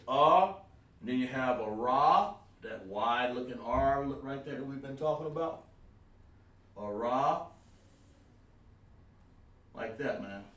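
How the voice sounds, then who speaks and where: A man's voice: medium pitch, a bit bright. Man, casual teacher, live-streamed board lesson, echoey room, distant mic. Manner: casual, informal, addresses viewers by name. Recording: roomy sound, mic far from the speaker.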